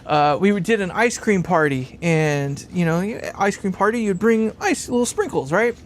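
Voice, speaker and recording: A man's voice: sits high, lively intonation, normal speed, slight background noise. A man hosting a casual livestream while building a guitar amp, rambling, laughing often and swearing freely.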